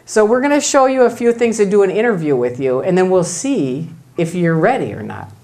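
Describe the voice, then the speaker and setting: A woman acting out a pushy, flattering female recruiter who coaxes someone in a talk. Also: on the low side, a little fast. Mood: coaxing flattery. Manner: coaxing, flattering.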